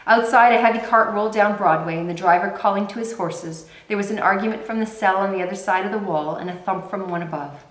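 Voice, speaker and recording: A woman reading a novel aloud in a measured, dramatic way. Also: medium pitch, fairly bright tone. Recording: roomy echo.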